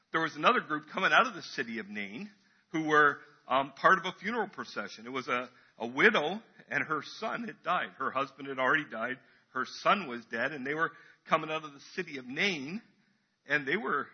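Man, casual sermon, husky voice, slightly high pitch, dull recording. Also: lively intonation, fairly quick. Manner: casual, chatty preaching with fillers and acted-out crowd voices. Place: church.

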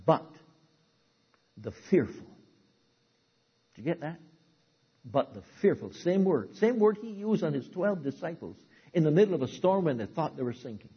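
A man preaching a sermon, who swings from loud, dramatic outbursts to low, hushed asides. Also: big pitch swings, normal speed, long pauses, husky, highs cut off.

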